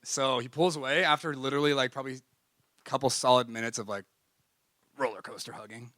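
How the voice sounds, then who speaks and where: A man giving a church talk, telling a personal story in a lively way and acting out the conversations. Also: medium pitch, fast, no echo, clean studio sound. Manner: animated, acts out conversations, frequent "like". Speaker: speaker at a church gathering.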